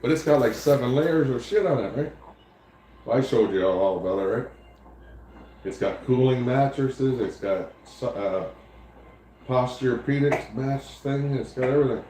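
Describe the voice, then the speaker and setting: A man's voice: medium pitch, normal speed, dark tone, roomy sound, a little hiss or hum, poor audio. A man hosting a livestream, chatting casually and telling long, rambling stories full of swearing. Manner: rambling, profane storytelling. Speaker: livestream host. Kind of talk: casual chat.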